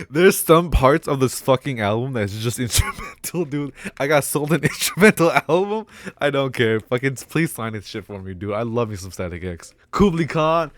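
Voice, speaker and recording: A young man talks in a loose, rambling vlog, his voice bouncing up and down as he gets excited. He swears freely and breaks into laughs. The sound is close and dry. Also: on the high side, unhurried, no room sound. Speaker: vlogger. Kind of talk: casual rambling commentary.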